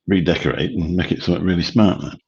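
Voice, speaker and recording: A man's voice: low voice, creaky, slightly rough, dull audio. A man, rambling casually as host of a late-night livestream chat. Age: 50s. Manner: rambling, chatty, swears casually. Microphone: studio mic through a mixer.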